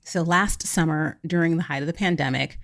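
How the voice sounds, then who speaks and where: A woman in her thirties co-hosts a podcast, telling a family story in a casual, animated way and acting out the quoted lines. Her voice is deep and she speaks a little fast.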